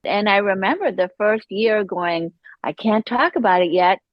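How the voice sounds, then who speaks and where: A woman, a podcast guest, telling her personal recovery story in an animated way, acting out the voices she quotes. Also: mid-range voice, moderate pace, no room sound, muffled recording.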